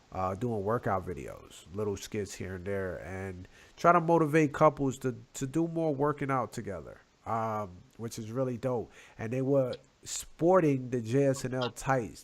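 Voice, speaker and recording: A man in a relaxed talk-show chat, speaking in easy, slang-heavy sentences. His voice sits at an ordinary pitch, and he drifts between soft asides and louder shout-outs. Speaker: podcast co-host. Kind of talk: casual chat.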